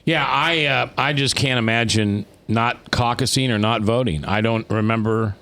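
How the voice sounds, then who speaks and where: A man's voice: medium pitch, pushed and bright. A man hosting a talk radio show, chatting casually, rambling and restarting his sentences, stretching words for emphasis. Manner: rambling, restarts often, drawn-out emphatic phrasing.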